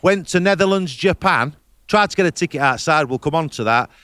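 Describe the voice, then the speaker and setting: A man's voice: fairly high pitch, expressive, brisk, fairly bright tone, no room sound, studio quality. A man, telling comic travel stories in a broad, blunt, boastful way with swearing. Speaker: podcast host reporting from abroad. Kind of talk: comic character monologue. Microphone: remote call.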